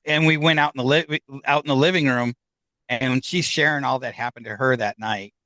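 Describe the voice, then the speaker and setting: A man's voice: mid-range voice, fairly quick, bright, forceful tone, no echo. A man telling a personal story in casual conversation, acting out the voices of the people in it. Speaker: guest.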